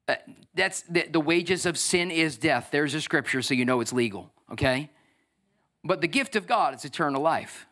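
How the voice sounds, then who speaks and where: A man in his thirties preaching a lively sermon as pastor, acting out voices and swinging from loud bursts to soft, tearful moments. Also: on the high side, normal speed. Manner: energetic, acts out voices, swings from shouting to near tears.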